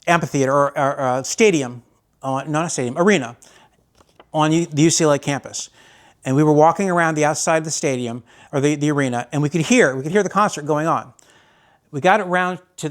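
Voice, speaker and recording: A man telling a casual personal anecdote, rambling and often correcting himself mid-sentence. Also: a little high. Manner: rambling, self-correcting, chatty. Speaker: storyteller.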